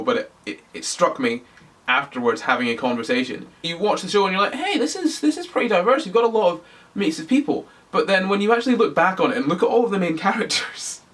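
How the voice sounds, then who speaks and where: A man's voice: on the high side, a bit bright, recorded from a distance. A young man ranting in a casual vlog review, exasperated and sarcastic. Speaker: YouTuber.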